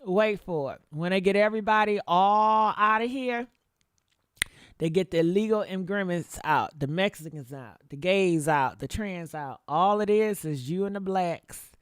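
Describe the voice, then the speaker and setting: A woman's voice: lowish voice, unhurried, clear, resonant tone, no room sound. A woman giving blunt, profane, sassy commentary on a livestream, calling her listeners honey. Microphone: desktop mic.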